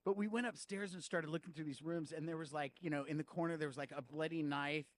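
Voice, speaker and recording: A man hosting a podcast in casual chat, animated and laughing easily as he tells stories. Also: a little high, fast, slight background noise. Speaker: podcast host.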